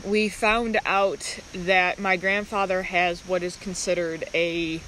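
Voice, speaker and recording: Bright-voiced woman rambling on a live stream. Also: on the low side, flat delivery, slight background noise, poor audio. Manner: rambling, halting, breaks off to greet viewers by name. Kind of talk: casual live-stream chat.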